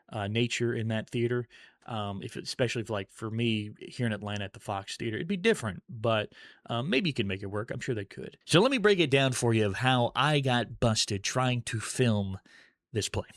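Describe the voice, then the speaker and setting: A man's voice: medium pitch, no echo, studio quality. A man in casual vlog storytelling, rambling and correcting himself as he goes. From United States. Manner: rambling, self-correcting, chuckles while telling stories. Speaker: vlogger.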